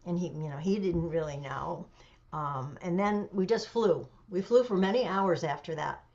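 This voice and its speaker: Woman, seventies, interview guest, lowish voice, animated storytelling, dull lo-fi audio. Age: 70s. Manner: animated storytelling with pauses and fillers. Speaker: interview guest, memoir author.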